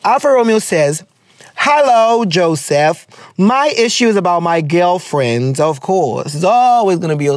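A man's voice: high voice, unhurried, no room sound, clean studio sound. A young man hosting a casual advice podcast, reading listener letters, joking and slipping into Twi. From Ghana. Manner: animated and joking, laughs often, drifts into Twi.

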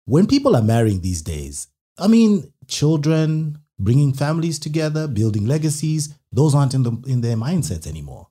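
A man's voice: on the high side, sing-song, normal speed, few pauses, warm tone, husky. A man in a casual chat, giving his opinions and building his points with rhetorical questions.

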